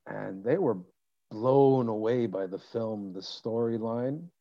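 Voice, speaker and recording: A man's voice: on the low side, takes it slowly, creaky, dull audio. A man hosting a casual interview, rambling and joking with enthusiasm. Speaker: podcast host.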